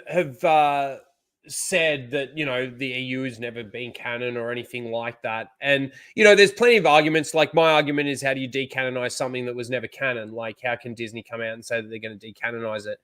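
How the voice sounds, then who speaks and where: A man hosting a live stream in a loose, unscripted way. He wanders between thoughts, fills gaps with "um" and "uh", and swears bluntly. His voice sits at an ordinary middle pitch. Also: moderate pace, a bit bright. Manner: rambling, filler-heavy, frank and profane. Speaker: host. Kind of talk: casual live-stream commentary.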